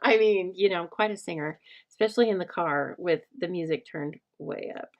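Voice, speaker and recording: On lo-fi sound, a middle-aged woman speaks a little fast in a fairly low voice while hosting a casual craft livestream. She rambles through her chat with viewers and laughs often.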